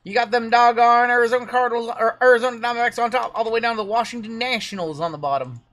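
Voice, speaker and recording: A man's voice: very high-pitched, fast talker, a bit bright, voice pushed up. A man putting on a hammy, drawling cowboy announcer voice, rattling off teams like an auctioneer during live-stream card break commentary. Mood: jaunty. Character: folksy adult male cowboy announcer.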